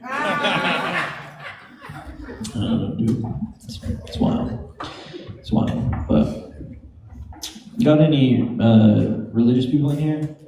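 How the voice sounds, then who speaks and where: A man's voice: mid-range voice, lively intonation, slow, vocal fry, long pauses, noisy background. A man doing a stand-up comedy set, loose and joking, working the crowd with laughing asides. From Greek heritage. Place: comedy club stage. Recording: echoey club with audience.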